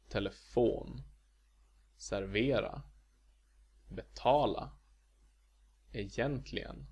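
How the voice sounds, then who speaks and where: A man giving a video lecture as a language teacher, explaining slowly and measuredly, with spoken example words. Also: lowish voice, creaky, breathy edge.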